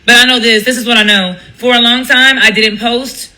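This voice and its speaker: Woman, blunt and profane live-stream ranter, bright tone. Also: a little high, moderate pace, poor audio. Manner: blunt, profane, animated, mimics others in quotes. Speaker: commentator speaking on a live stream. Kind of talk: candid monologue on a live stream.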